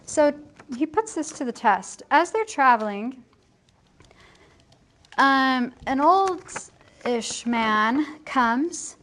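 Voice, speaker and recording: A woman teacher giving a chatty, joking plot summary for her students, slipping into quick character voices. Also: high voice, sing-song, fairly bright tone.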